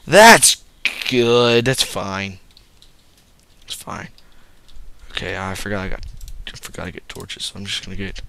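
A man's voice: sits low, fairly even intonation, moderate pace, gravelly, pauses often, fairly bright tone, slight background noise. A man giving casual gameplay commentary, rambling and joking to his viewers. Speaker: game commentator.

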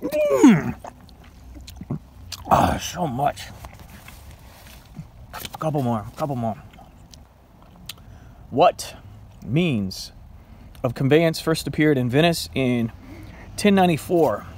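Male vlogger, mid-pitched, playful self-quiz banter with a self-mocking edge, faint background noise. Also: expressive, slow pace, long pauses, a little mellow. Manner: playful, self-mocking, talks to his dog. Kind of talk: casual trivia self-quiz while eating.

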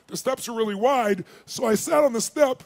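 A man's voice: extremely high pitch, normal speed, creaky. A man telling a story at a motivational seminar, acting out the dialogue and calling on the live audience to answer. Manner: animated, acts out dialogue, calls on the audience. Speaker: motivational speaker.

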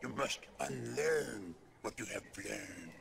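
An actor playing an ancient, tiny male creature master, patient and stern, with a gravelly, creaky voice who speaks with inverted word order in a film clip. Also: medium pitch, slow pace, fairly bright tone, a little hiss or hum, full character voice. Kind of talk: film clip played on a stream.

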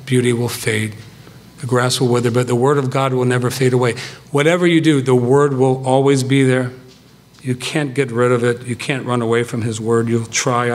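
A man's voice: medium pitch, a little hiss or hum. A middle-aged man giving a farewell sermon to his church, earnest and emphatic in short, punchy phrases.

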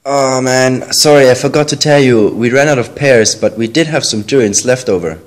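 A man behind the camera, bantering bluntly and deadpan with the host outdoors. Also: medium pitch, moderate pace. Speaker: cameraman and sidekick. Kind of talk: teasing banter.

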